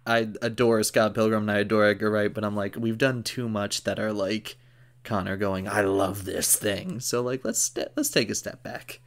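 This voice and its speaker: A man's voice: on the low side, fairly even intonation, moderate pace. A man co-hosting a podcast in casual chat, talking in a tired, rambling way with lots of fillers. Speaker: podcast co-host.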